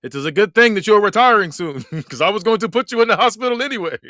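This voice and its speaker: A man putting on the voice of an arrogant wrestler who yells a lot, in a loud, high, mocking tone. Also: wildly swooping pitch, fairly quick, dry recording, clean studio sound, exaggerated voice. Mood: gloating. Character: yelling arrogant male wrestler, boastful and mocking.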